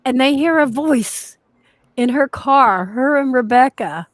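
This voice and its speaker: A woman's voice: sits high, expressive, takes it slowly, no echo. A woman paranormal investigator rambling through a story in casual chat, often restarting her sentences.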